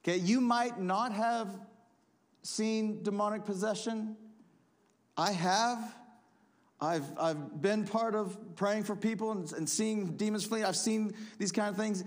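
A man preaching a sermon, reading scripture aloud and explaining it with animated emphasis. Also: sits high, takes it slowly. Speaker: pastor.

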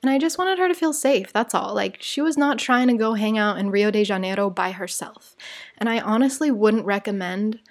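A woman's voice: medium pitch, normal speed. A woman telling a travel story in a chatty, rambling way, acting out the quotes. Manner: chatty, digressive, acts out quotes. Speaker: vlogger. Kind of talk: casual storytime.

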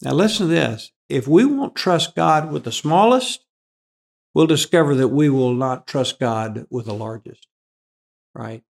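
A man's voice: mid-range voice, expressive, measured pace, vocal fry. A man, a pastor, giving an earnest, emphatic Bible teaching and repeating key phrases for weight.

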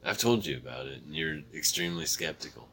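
A man chatting casually and earnestly with a friend, eager to convince him and often saying dude. His voice sits very low, with a bright, forceful edge and some gravel in it. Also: animated, fast, slight background noise. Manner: earnest, enthusiastic, says dude a lot. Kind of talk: casual chat.

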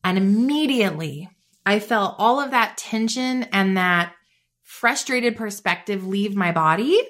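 A woman's voice: mid-range voice, animated, measured pace, a bit bright. A woman hosting a faith-based motivational podcast, chatty and bubbly with lots of "like.". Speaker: podcast host.

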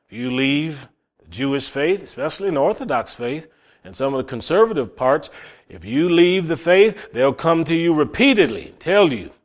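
A man preaching a sermon, building emphasis through repeated phrases. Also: on the high side. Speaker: pastor.

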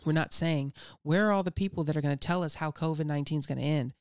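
Animated Southern man on a faith podcast. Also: on the high side, fast talker, clean tone, dry recording, studio quality. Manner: animated storyteller, acts out quoted speech. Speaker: podcast co-host. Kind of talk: casual faith podcast chat.

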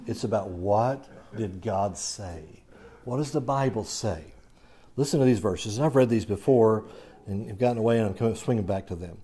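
A man's voice: lowish voice, warm tone. A man preaching a sermon, talking conversationally, telling jokes and reading scripture aloud. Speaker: pastor.

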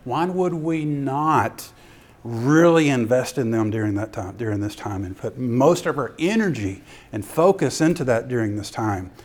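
Guy giving a sermon talk, medium voice, animated storyteller. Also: medium pitch, moderate pace. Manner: animated storyteller who acts out scenes. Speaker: ministry speaker.

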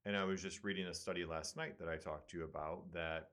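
A man's voice: low-pitched, fairly even intonation, fast talker, a bit bright. A man with a Midwestern American accent, a surgeon hosting a casual medical talk show and explaining studies with fillers. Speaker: surgeon and podcast host.

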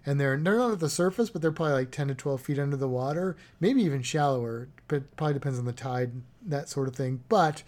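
A woman's voice: very deep voice, fast, few pauses, a little mellow. A woman chatting casually about travel plans, rambling and correcting herself as she goes. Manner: rambling, self-correcting, chuckling.

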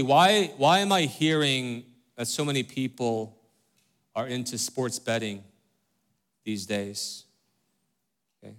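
A middle-aged man preaching a sermon as pastor, conversational and earnest, often checking in with "right?" and "okay?". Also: medium pitch. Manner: conversational, many fillers and tag questions like "right?" and "okay?"; direct and earnest with the congregation.

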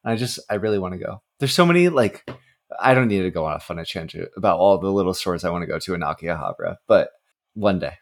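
Lively man talking enthusiastically about games. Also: low voice, quick pace. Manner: upbeat and enthusiastic, recaps games. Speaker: podcast co-host, game designer. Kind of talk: casual podcast chat.

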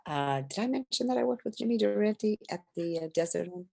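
Older woman, animated storyteller. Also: mid-range voice, a little fast, vocal fry, slightly rough. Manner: animated storyteller, acts out quotes, laughs often. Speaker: singer and stage performer. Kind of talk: anecdotal storytelling in an interview.

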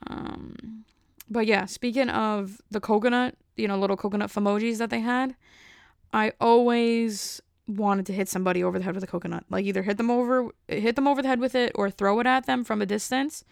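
A young woman chatting alone on her podcast, rambling through a story and leaning on "like" at every turn. Her voice has a smooth, gravelly edge and stays level in pitch. It is recorded close and dry. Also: steady tone, fairly quick, no echo. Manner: rambling, filler-heavy storytelling. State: a bit out of breath. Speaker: podcast host. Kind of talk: casual solo podcast chat.

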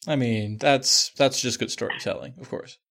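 A man hosting a casual podcast interview, halting and repeating words as he starts his sentences. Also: mid-range voice, vocal fry, a bit bright. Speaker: podcast host.

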